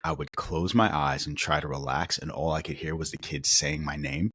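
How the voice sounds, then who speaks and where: Very deep, husky-voiced man chatting. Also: normal speed. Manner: rambling, animated storyteller. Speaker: podcast co-host. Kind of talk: casual chat.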